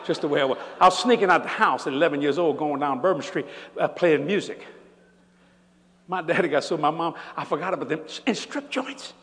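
A man's voice: a little high, a little fast, a bit bright. An older man preaching a sermon, telling stories animatedly and laughing along as he goes. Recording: church hall reverb.

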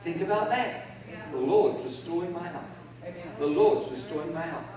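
A man's voice: on the high side, normal speed, a little mellow. A man preaching a sermon with emphasis, leading the congregation in call-and-response. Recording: echoey hall, voice from far off.

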